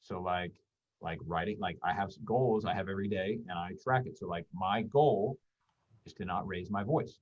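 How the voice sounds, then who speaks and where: Low, rambling male guest with lots of fillers, muffled lo-fi call audio. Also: moderate pace. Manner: rambling, thoughtful, many fillers. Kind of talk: casual conversation on a video call.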